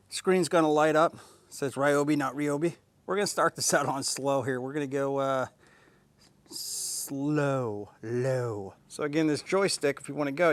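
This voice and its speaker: A man casually reviewing and demonstrating a riding mower outdoors, chatty and enthusiastic, explaining each step. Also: on the high side. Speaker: tool reviewer. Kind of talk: casual product demo vlog. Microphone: camera mic, at times an action camera on the mower.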